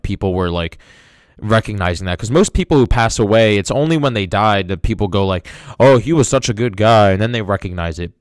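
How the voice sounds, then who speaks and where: Deep-voiced young man rambling emotionally. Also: clear, resonant tone, dry recording, studio quality. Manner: rambling, emotional, lots of fillers like "dude" and "man". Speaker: podcast host. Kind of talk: casual solo review.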